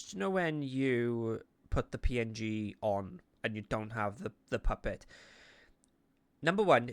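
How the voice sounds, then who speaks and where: A man's voice: medium pitch, a bit bright, no room sound. A man with a Welsh accent hosting a casual chat, talking in a rambling, jokey way. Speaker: podcast host.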